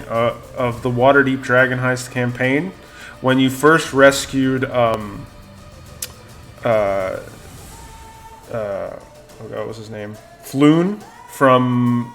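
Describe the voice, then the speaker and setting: A man running a tabletop roleplaying session at a slow, deliberate pace, pausing often with ums and uhs as he paints each room. Faint music plays underneath his narration. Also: mid-range voice, a bit bright. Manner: unhurried, with frequent ums and uhs while describing. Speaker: dungeon master.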